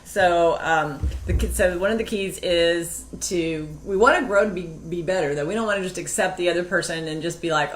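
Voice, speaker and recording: A woman's voice: on the low side, normal speed, few pauses. A woman co-hosting a marriage talk show, speaking earnestly in a casual, rambling way. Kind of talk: casual chat. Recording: echoey room.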